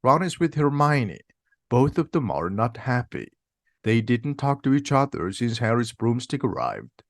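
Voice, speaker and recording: A man narrating a simplified audiobook in a slow, plain, steady reading. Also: mid-range voice, dry recording, clean studio sound. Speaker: reader.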